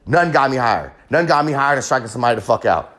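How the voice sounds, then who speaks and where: A man's voice: mid-range voice, lively intonation, very fast, a bit bright. A man hosting a podcast, delivering a raw, profane, rambling confessional monologue with real passion. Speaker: podcast host.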